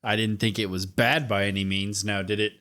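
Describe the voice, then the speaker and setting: A man's voice: lowish voice, fairly even intonation, fairly quick, pushed and bright. A man co-hosting a podcast who chats casually and gives short, laid-back opinions. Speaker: podcast co-host. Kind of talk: casual wrestling podcast chat.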